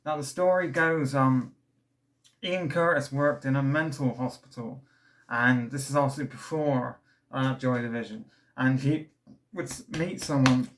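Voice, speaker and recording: A man's voice: mid-range voice, measured pace. Breathless, rambling young man. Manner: rambling and enthusiastic, many fillers and restarts. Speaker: record reviewer. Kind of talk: casual album review vlog.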